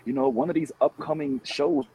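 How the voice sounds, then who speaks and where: A man's voice: on the high side, big pitch swings, fairly quick, vocal fry, dark tone, a little hiss or hum, rough recording. A man hosting a casual pop-culture chat show, talking loosely with lots of fillers, over a video call. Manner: loose, hesitant, many fillers. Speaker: podcast host.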